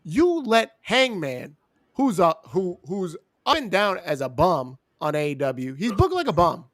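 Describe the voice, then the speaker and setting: High-pitched man ranting loudly. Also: big pitch swings, measured pace, no echo, studio quality. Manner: loud, exasperated ranting, mocking voices. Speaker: wrestling show co-host. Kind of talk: ranting casual chat.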